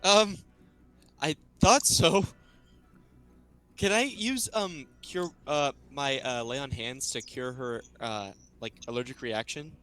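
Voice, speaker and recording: A man's voice: mid-range voice, slow, a bit bright, faint music behind. A man playing a tabletop game, chatting casually and earnestly arguing the rules. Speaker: player.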